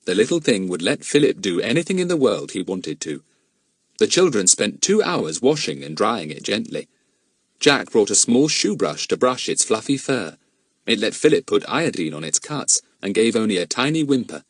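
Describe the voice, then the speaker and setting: A man narrating a children's adventure audiobook in an expressive storytelling manner. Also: fairly low pitch, normal speed, breathy edge, no echo, clean studio sound. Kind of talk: scripted narration.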